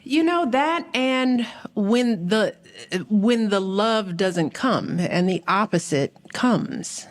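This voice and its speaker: Male interviewer, high-pitched, unhurried, softly encouraging. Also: expressive. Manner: gentle, encouraging.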